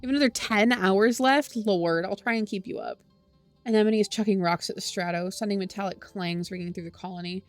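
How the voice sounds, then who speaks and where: A woman's voice: medium pitch, a little fast, soft background music. A woman streamer reading a story game aloud and reacting with sighs, groans and swearing. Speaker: VTuber streamer.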